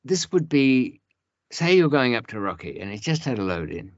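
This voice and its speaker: A man's voice: mid-range voice, sing-song, moderate pace, highs cut off. A man who is a podcast guest, telling stories in a rambling way with many restarts and asides. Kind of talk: casual storytelling.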